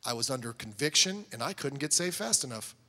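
A man's voice: medium pitch, lively intonation, brisk, sharp tone, big-room sound. A middle-aged man preaching a sermon as a pastor, telling stories and acting out both sides of conversations.

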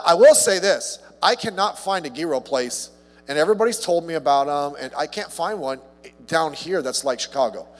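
A man preaching a casual evening sermon as a pastor, chatty and humorous, with his voice jumping higher when he gets excited about a story. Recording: long hall reverb.

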